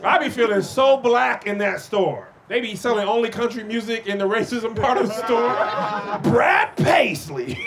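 A man performing a stand-up comedy set with excitable, animated storytelling. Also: high voice, normal speed, crowd noise.

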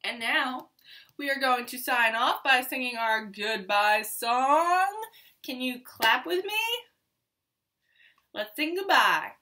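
A woman's voice: sits high, lively intonation, takes it slowly, pauses often, pushed and bright. A young woman teaching preschool, reading a picture book aloud at circle time in a sing-song, encouraging way for toddlers.

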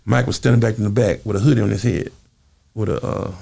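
A man being interviewed, telling animated stories in a casual way and acting out the voices. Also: lowish voice, quick pace. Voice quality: gravelly, raspy. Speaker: interview guest. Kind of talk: casual storytelling.

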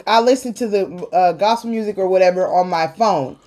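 A woman host speaking earnestly about faith and perseverance in a casual chat, talking like a sermon and protesting loudly when teased. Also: mid-range voice, a little fast. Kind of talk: casual faith talk on an eating show.

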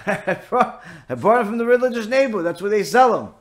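A flustered husband hurries to explain himself in a bright, raised voice, as a man puts him on. His lines run quick and defensive in this spoken joke. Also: high-pitched, animated. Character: flustered husband who bought the parrot.

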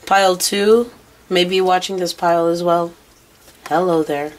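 A woman's voice: lowish voice, steady tone, unhurried, a little hiss or hum, rough recording. A woman giving a casual tarot reading to camera, rambling through what she senses, her voice worn out and tired. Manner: intuitive, rambling, mutters what she hears. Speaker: tarot card reader.

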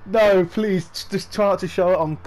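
A young man chatting casually while playing a co-op game, excitable and swearing often. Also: high voice, moderate pace. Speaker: gamer playing co-op. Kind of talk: casual let's-play chat.

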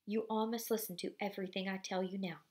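A woman reading the part of a stern, worried father who gives flat, clipped orders. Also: medium pitch, quick pace, close to an everyday voice.

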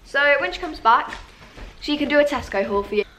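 A woman's voice: high-pitched, animated, brisk, fairly bright tone, a little hiss or hum, rough recording. A woman chatting casually in a vlog, self-mocking and talkative. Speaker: vlogger.

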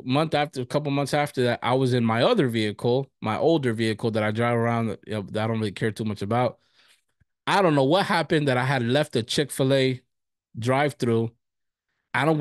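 A male pastor teaching a casual bible study, telling personal stories with frequent laughter and animated retelling. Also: mid-range voice, dry recording, studio quality.

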